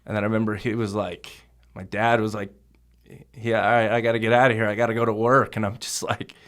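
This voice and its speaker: A young man speaks as a podcast guest in a fairly low voice. He tells his memories haltingly, and his sentences are padded with casual fillers. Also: flat delivery, fairly bright tone. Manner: halting, heavy with fillers like "you know" and "bro". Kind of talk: conversational podcast interview.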